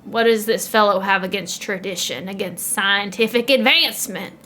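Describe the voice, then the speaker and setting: A woman's voice: mid-range voice, moderate pace, bright, forceful tone, slight background noise, close to an everyday voice. Blustering old newspaper boss played by a woman, pompous, bossy, puts on an accent. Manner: bombastic, domineering, accented put-on voice. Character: pompous blustering older male newspaper editor.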